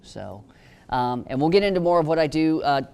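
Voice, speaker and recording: A man's voice: fairly high pitch, expressive, normal speed, gravelly, a little mellow, smooth. A man speaking on a panel, telling wry stories and cracking jokes about his work. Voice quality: joking, storytelling. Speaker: panelist, attorney. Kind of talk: humorous panel talk.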